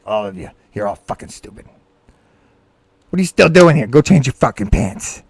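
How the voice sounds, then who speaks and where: A man's voice: mid-range voice, sing-song, normal speed, creaky, slightly rough, no room sound. A man ranting crudely and taunting as a vlogger, with bursts of cackling laughter. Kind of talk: profane ranting vlog. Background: background music.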